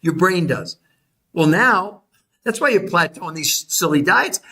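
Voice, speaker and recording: A man with a high, bright, forceful voice presents research to his viewers. He talks in an insistent, repetitive, salesman-like way and keeps speaking straight to the audience. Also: lively intonation, unhurried. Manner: greets live chat viewers by name. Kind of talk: emphatic sales-style presentation.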